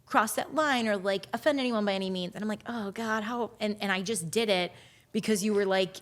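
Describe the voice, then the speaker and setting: A woman guest on a podcast, chatting candidly in a goofy, off-the-cuff way. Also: medium pitch. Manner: goofy, candid, talks in quick bursts. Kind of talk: casual chat.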